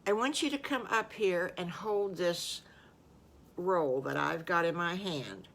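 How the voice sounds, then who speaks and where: Grandma doing a calm sweet teacher lady, soothing, lowish voice. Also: measured pace, exaggerated voice. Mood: reassuring. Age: older. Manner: gentle, reassuring. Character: kind, calm woman first-grade teacher.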